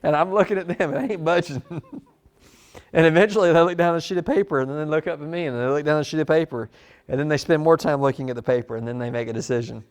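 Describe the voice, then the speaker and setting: An animated man leads a sales training session, talking casually and acting out bits of customer role-play. His voice sits a little on the high side for a man. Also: quick pace, clear, resonant tone. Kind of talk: live sales training talk.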